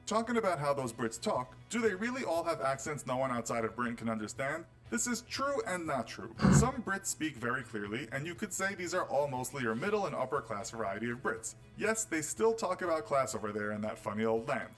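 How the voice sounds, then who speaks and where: A man's voice: mid-range voice, big pitch swings, fairly quick, hardly any pauses, fairly bright tone, soft background music, low-quality recording. A man reading scripted documentary narration, with a wry, teasing delivery of facts. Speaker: video narrator.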